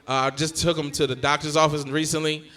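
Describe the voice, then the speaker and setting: Young man, stand-up comic, high bright voice, animated storytelling. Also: fast. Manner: animated storytelling, acting out family members. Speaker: stand-up comedian. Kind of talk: stand-up set.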